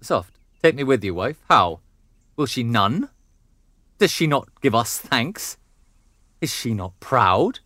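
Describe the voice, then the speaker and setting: A man's voice: medium pitch, big pitch swings, takes it slowly, pauses often, no echo, studio quality, full character voice. A man playing a raging noble father. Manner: blustering, swings from growls to shouts. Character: furious domineering noble father, middle-aged. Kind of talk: classical stage drama.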